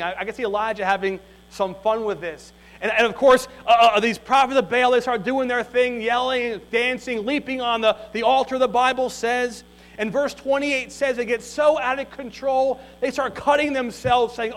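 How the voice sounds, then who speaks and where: A male pastor preaching a sermon, reading scripture and retelling the story in a folksy, animated way. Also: very high voice, normal speed, rough recording.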